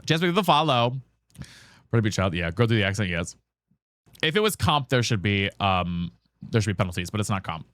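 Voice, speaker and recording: Recorded dry, this man's lowish, fairly bright voice moves fairly quickly with big pitch swings and frequent pauses. He streams gameplay live, chatting casually and swearing, calls viewers "girl and guys," and keeps asking if teammates have mics.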